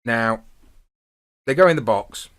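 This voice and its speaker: A man's voice: mid-range voice, animated, slow, fairly bright tone. A man hosting a podcast, rambling casually through a wrestling review and laughing as he retells the funny bits. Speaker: podcast host.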